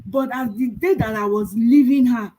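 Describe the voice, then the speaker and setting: A middle-aged woman, giving a calm motivational talk as a virtual assistant coach, telling stories and asking rhetorical questions. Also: fairly high pitch, normal speed, a little hiss or hum, rough recording.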